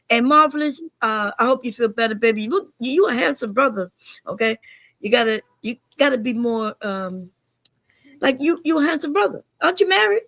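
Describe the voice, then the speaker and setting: A woman hosting a casual livestream chat, frank and argumentative, warm in her goodbyes. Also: fairly high pitch, vocal fry, dry recording. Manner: frank, argumentative, affectionate sign-offs. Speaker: livestream host.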